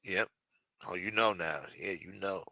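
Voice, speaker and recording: A man's voice: sits low, a little slow, vocal fry, bright, forceful tone, no room sound. A man hosting a late-night livestream, chatting loosely and profanely while answering viewers in the chat. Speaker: livestream host.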